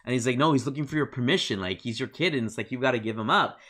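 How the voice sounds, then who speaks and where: A man talking casually on a review podcast with plenty of energy. He retells scenes eagerly, slips into quoted lines, and fills gaps with "like" and "um." His voice sits at an ordinary middle pitch. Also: rapid-fire. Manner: excited, retells scenes with acted-out quotes and many fillers. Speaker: podcast co-host.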